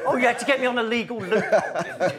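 A man's voice: extremely high pitch, fast talker, a crowd in the background. A man on a comedy panel, ranting in mock indignation and laughing at his own jokes. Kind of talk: comic ranting banter. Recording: live audience laughter.

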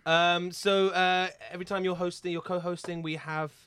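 Chatty guy hosting, bright sharp voice, laughs at himself. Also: sits high, flat delivery, moderate pace, smooth, no room sound. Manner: chatty, giggly, self-mocking. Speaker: podcast host. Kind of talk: casual chat.

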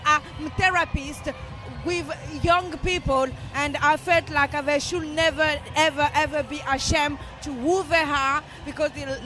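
A woman's voice: high voice, fairly even intonation, a little slow, pushed and bright, faint music behind. A young woman in a street interview outdoors at a parade, speaking passionately and emotionally. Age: young adult. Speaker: parade attendee, therapist.

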